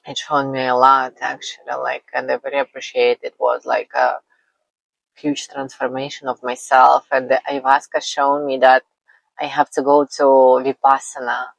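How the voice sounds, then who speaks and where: A woman speaking English as a second language tells a personal story in a slow, halting way, often laughing between phrases. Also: very deep voice, level tone, vocal fry, dry recording, rough recording. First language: not English. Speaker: vlogger.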